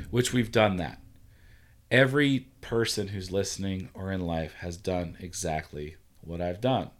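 A man hosting a relaxed conversation, telling a story with energy. He acts out what each person said and swears freely as he goes. His voice sits fairly low. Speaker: podcast host. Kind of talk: casual conversation.

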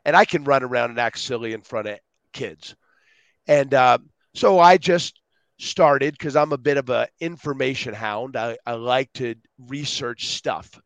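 A middle-aged man, a guest on an interview show, telling stories in an animated, rambling way. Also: mid-range voice, unhurried, gravelly, dry recording, lo-fi sound. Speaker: guest speaker. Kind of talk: casual interview storytelling.

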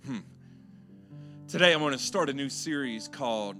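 A man's voice: medium pitch, lively intonation, moderate pace, music in the background. A male pastor preaching a sermon, chatty and joking with the congregation, then pressing his points with rising emphasis. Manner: conversational, joking, building to emphatic.

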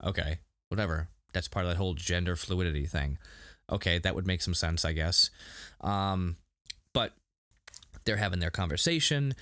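A man co-hosting a casual podcast review, animated and laughing, with many restarts. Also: low voice, normal speed, no room sound, clean studio sound. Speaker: podcast co-host.

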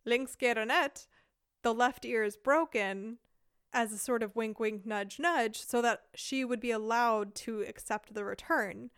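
Woman in her 30s from the us, guest on a podcast, chatty story with lots of laughs, higher voice, really clear tone. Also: unhurried, no echo, studio quality. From United States. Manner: lively storyteller, laughs often. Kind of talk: casual anecdote telling.

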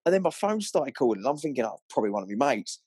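A young man, an angler, telling a story in an animated, rambling way full of fillers, on a clip-on mic. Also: medium pitch, very fast, slightly rough, dry recording. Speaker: angler guest. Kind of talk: excited storytelling.

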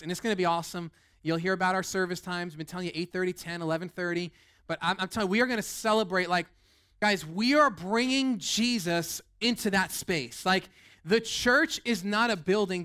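A man's voice: high voice, bright, forceful tone. A young man preaching as a lead pastor, fired up and rambling, with many restarts and fillers. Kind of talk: energetic sermon.

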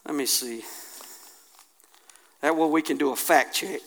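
A man preaching a sermon, colloquial and impassioned, swinging from hushed asides to loud declarations. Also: a little high, a little slow.

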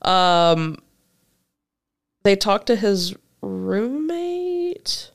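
A woman's voice: mid-range voice, very animated, drawn-out words, gravelly. A woman co-hosting a podcast in casual chat, reading a news story aloud and laughing often. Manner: laughs often, chatty, says "like" a lot. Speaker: podcast co-host.

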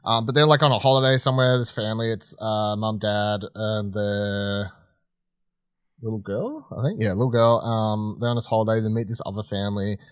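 Recorded cleanly and close with no room sound, this lowish-voiced co-host speaks at a normal speed. Chatting casually about films, he wanders, restarts, curses plenty, and keeps laughing through his stories.

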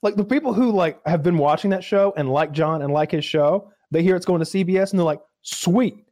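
A man's voice: sits high, quick pace, dark tone, no room sound, studio quality. A man co-hosting a casual podcast chat, making his points emphatically and repeating them. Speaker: podcast co-host.

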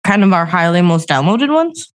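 A woman's voice: on the low side, sing-song, normal speed. A woman co-hosting a casual podcast over a remote call, rambling, giggling and losing her train of thought. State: just woken up. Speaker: podcast co-host. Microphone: remote call recording.

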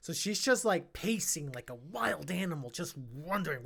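A podcast co-host talks through a film in a casual, animated review. The speech is chatty, with lots of fillers, restarts and quick asides. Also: mid-range voice, gravelly.

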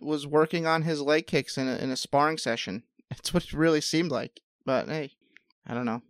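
A man co-hosting a podcast, answering in relaxed, brief takes and often stammering as he starts. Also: fairly high pitch, normal speed, dry recording, studio quality. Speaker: podcast co-host. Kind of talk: casual podcast chat about fight scoring.

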